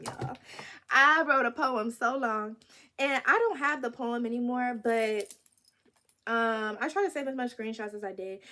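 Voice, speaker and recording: A woman in her twenties telling a story to camera in a casual, animated and wry vlog style. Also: a little high. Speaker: vlogger.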